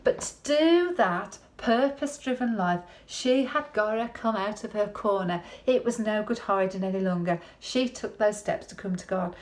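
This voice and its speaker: A woman's voice: mid-range voice, moderate pace, few pauses. Lady preaching, chatty and homely, keeps asking the listener questions, normal mid voice. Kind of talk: conversational sermon.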